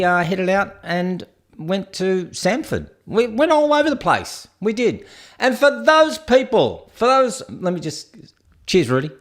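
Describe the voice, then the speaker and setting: An Australian man hosting a casual livestream, talking in a blunt, crude, rambling way with lots of fillers. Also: fairly high pitch. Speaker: streamer host.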